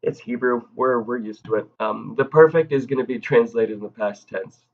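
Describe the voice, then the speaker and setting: A man giving a recorded video grammar lesson in a casual, halting way, with frequent ums and self-corrections. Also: mid-range voice, highs cut off. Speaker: grammar teacher.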